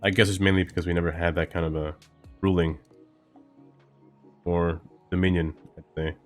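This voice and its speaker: Casual streamer: low-voiced man, rambling chatter over soft music. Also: flat delivery, moderate pace. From Brooklyn, New York. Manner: rambling, thinks aloud with many fillers. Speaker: game streamer. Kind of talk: casual gameplay commentary chatting with viewers.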